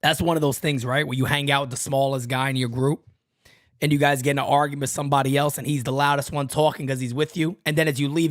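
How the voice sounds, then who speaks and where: A man hosting a sports talk podcast, ranting in an animated, profane way that swings from loud outbursts to low asides. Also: fast talker, dry recording, studio quality. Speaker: podcast host. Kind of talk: casual sports talk rant.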